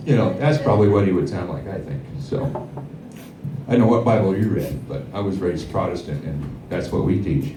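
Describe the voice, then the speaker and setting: A man doing a stand-up set at a comedy club, with a rambling, deadpan delivery full of fillers. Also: low-pitched, a little fast, a crowd in the background. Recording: echoey club, heard from far off.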